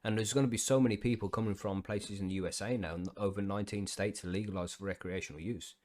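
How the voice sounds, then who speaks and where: A man's voice: lowish voice, steady tone, quick pace, darkish tone. A man co-hosting a podcast in laid-back casual chat, swearing freely as he talks.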